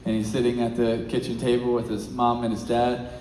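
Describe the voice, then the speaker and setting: A man's voice: medium pitch, fairly quick, slight background noise. A man telling a story in an echoey hall. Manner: swings from hushed to loud and excited while telling a story. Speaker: featured speaker. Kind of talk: motivational storytelling speech. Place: large event hall.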